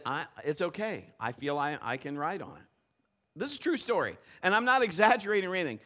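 A man preaching with a high, bright voice that swings all over the place. He tells a story in a sermon, laughing often and acting out every voice. He sounds middle-aged. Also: big pitch swings, brisk. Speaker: pastor.

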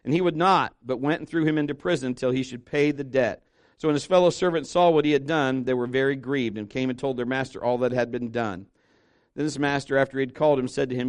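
A man preaching a sermon as pastor, animated and emphatic, dropping softer and lower when reading scripture aloud. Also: quick pace, dry recording.

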